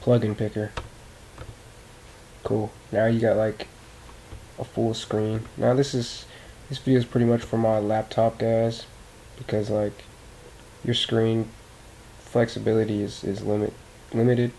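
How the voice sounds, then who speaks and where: A man hosting a casual software tutorial in a loose, rambling way, often correcting himself, recorded at a desktop computer mic. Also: fairly low pitch, little pitch movement, measured pace, long pauses, a little hiss or hum, low-quality recording. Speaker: tutorial host.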